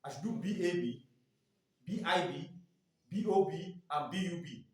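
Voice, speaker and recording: A man's voice: fairly high pitch, lively intonation, moderate pace. Quizzing male trainer in echoey room. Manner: quizzing, often ends phrases with a prompting "what?"; spells out letters and sounds one by one. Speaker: staff trainer. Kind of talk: classroom training lecture. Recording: echoey room, mic far off.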